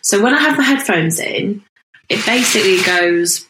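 A woman's voice: medium pitch, expressive, normal speed, noisy background. A woman co-hosting a podcast, chatting in an easygoing, agreeable way with rambling replies. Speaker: podcast co-host. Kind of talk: casual chat. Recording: roomy echo.

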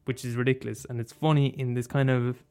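Guy, casual film vlog, loose and chatty, restarts a lot, middle pitch. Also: level tone, fast talker, a little mellow, smooth, faint music behind. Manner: rambling, frequent restarts, swears casually, laughs often. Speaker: film commentator. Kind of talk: casual monologue.

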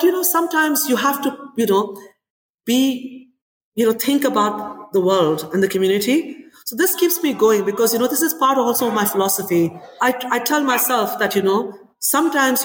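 A woman in her forties, a chef and restaurant owner, talking in an interview in an animated storytelling way with many "you know"s. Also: mid-range voice. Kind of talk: interview conversation. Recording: echoey room with long reverb.

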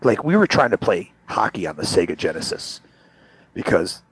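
Casual guest, young man, low husky gravelly voice, very lively, dry sound. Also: normal speed, no room sound, poor audio. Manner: animated, acts out quotes with big jumps in pitch. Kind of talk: casual storytelling chat. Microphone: remote call audio.

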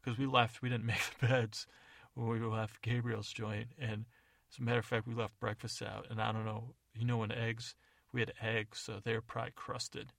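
A man telling a comic story in a rambling monologue, correcting himself and tossing in deadpan asides. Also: mid-range voice, moderate pace, gravelly, few pauses, no room sound, clean studio sound. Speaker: comedy podcast narrator.

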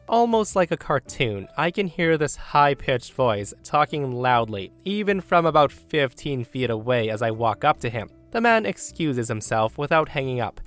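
A man's voice: mid-range voice, fairly bright tone. A young man in his twenties reading a story aloud, with sarcastic, wry asides. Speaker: story narrator.

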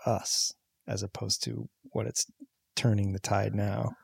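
A man with a husky, slightly breathy voice co-hosts a casual movie podcast. He talks in a relaxed, joking way and explains plot details. The sound is dry and close to the mic. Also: fairly low pitch, unhurried, no echo. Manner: laid-back, jokey, explains plot points. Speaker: podcast co-host.

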